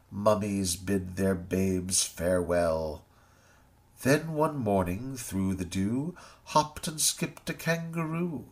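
Brief: male storyteller, rhyming verse, slow and gravelly, theatrical. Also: on the low side. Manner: sing-song, theatrical. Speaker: narrator.

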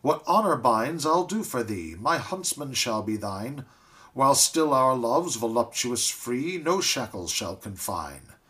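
A haughty young nobleman scoffs with slow, deliberate scorn, as a man reading a ballad gives him voice. The delivery is measured storybook recitation. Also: mid-range voice, very animated, bright, forceful tone. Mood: scoffing.

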